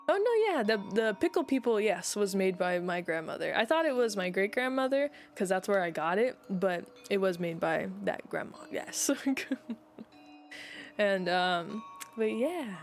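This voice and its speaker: A woman's voice: mid-range voice, animated, measured pace, soft background music. A young woman streamer chatting casually with her viewers, talking in a rambling, heartfelt way.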